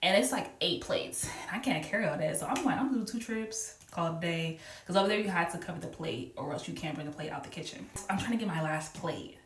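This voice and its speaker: A woman's voice: lowish voice, quick pace, a little hiss or hum. Chatty woman in an echoey room. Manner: animated, laughing, acts out voices in quotes. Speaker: vlogger telling a story. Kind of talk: casual storytime chat. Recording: roomy echo, mic a little far off.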